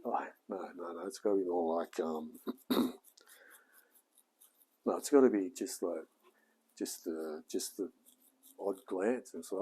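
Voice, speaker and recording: An Australian man in his forties talks to himself in a slow, unhurried drawl while tinkering in his garage. His voice sits low and mellow, with a husky grain to it, and he keeps up a running mutter of easygoing self-talk. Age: 40s. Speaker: home mechanic vlogger.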